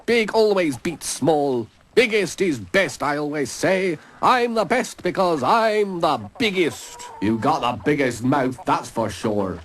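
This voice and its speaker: A man's voice: fairly high pitch, expressive, slow pace, hardly any pauses. A man voicing a boastful, blunt farm animal. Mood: bragging. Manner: bragging, rustic and blunt.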